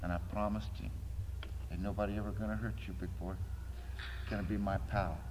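A middle-aged man shares his personal recovery testimony at a meeting, telling his story earnestly and acting out the dialogue within it. His voice is lowish and flat, moving a little fast, and the hall is echoey and noisy.

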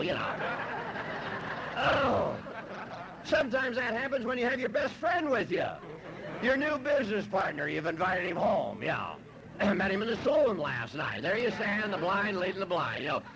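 A man from Los Angeles shares his personal story at a recovery meeting, in a fairly high voice with a lively, swooping pitch. His delivery is wry and self-mocking, with frequent "you know"s and throat clearing. A faint hiss of noise sits under the recording. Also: moderate pace. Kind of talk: humorous personal testimony.

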